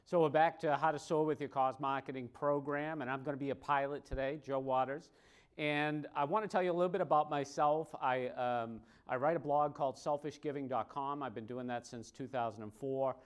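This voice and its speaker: A man with a Boston accent giving a joking conference presentation, wry and self-mocking, often tagging his points with a quick check-in. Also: mid-range voice, fairly even intonation, smooth. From Boston, USA. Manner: wry, self-mocking, tags lines with "okay?".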